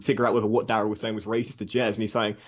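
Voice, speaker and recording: A man's voice: on the low side, little pitch movement, racing, breathy edge. A man guesting on a podcast in casual chat, joking and bantering with a self-deprecating edge. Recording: dull lo-fi sound.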